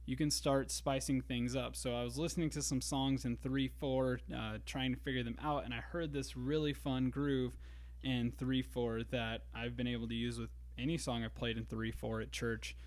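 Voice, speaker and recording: A man teaching a drum lesson in a relaxed way, explaining grooves step by step. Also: medium pitch, moderate pace. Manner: counts beats aloud, easygoing explaining. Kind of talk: casual instructional talk. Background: drum kit and metronome.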